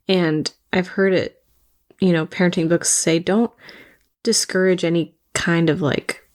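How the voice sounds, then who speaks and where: Female podcast co-host, low-pitched, calm and thoughtful explainer. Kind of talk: casual conversation.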